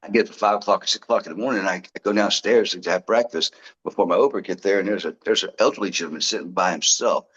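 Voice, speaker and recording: A man, a guest in an interview, telling his story in a lively way and acting out what people said. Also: low voice, fast, slightly rough, muffled recording. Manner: lively storyteller who acts out quoted dialogue. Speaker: guest, product founder.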